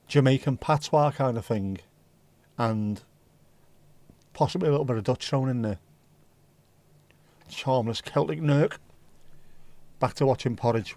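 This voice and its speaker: A man's voice: mid-range voice, darkish tone, dry recording. A tired man hosting a casual livestream, rambling and reacting to chat with the odd swear word. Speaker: livestream host.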